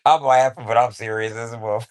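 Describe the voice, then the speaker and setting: A man with a steady, medium-pitched voice and moderate pace rants casually to camera at home with his cat. The vlogger swaggers and taunts, mixing profanity with laughs.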